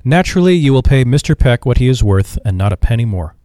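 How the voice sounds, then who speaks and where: A man's voice: medium pitch, sing-song, quick pace, mellow, no echo, studio quality, natural voice. A man reading aloud and voicing a genial, sly, retired old shipping magnate who drawls his words.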